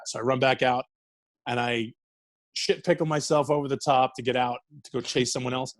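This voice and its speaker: A man's voice: mid-range voice, fairly even intonation, a little fast, no room sound. A middle-aged man from New York telling profane, laughing wrestling stories in a casual interview. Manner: profane, laughing, rambling anecdotes. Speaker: wrestler guest.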